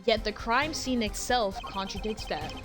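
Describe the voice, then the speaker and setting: An earnest young male defense attorney pressing his case in a courtroom game, as a young woman reads his lines aloud. He argues with pointed questions, in an ordinary middle-pitched voice. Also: a little slow, music in the background, natural voice. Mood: arguing.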